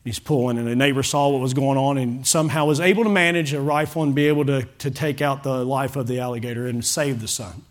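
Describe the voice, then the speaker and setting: A man preaching a sermon to his congregation as pastor, fervent and rising to loud pleading calls. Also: medium pitch, steady tone, fast, few pauses. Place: church sanctuary with a congregation.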